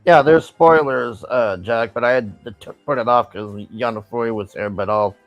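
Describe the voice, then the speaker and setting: A man's voice: medium pitch, normal speed, no echo, faint music behind. A man chatting casually as host, laid-back and often stammering and restarting. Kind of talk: casual chat.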